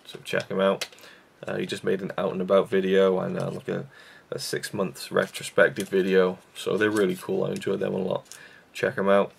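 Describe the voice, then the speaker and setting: A man's voice: low-pitched, completely flat delivery, normal speed, vocal fry, hardly any pauses, breathy edge. A young man chatting casually in a vlog about favorite films, rambling with lots of fillers and restarts. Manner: rambling, self-deprecating, frequent fillers and restarts. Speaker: YouTube reviewer.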